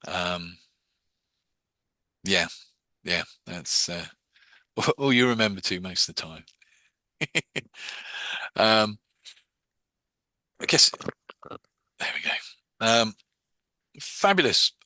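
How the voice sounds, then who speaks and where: Bright-toned man teaching. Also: sits low, extremely slow, pauses often, no echo. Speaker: hypnosis teacher. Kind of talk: casual online class.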